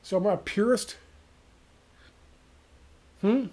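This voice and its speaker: A man delivering a profane, exasperated, sarcastic rant as a vlogger, with a gravelly voice. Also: on the high side, a little slow. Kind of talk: ranting monologue to camera.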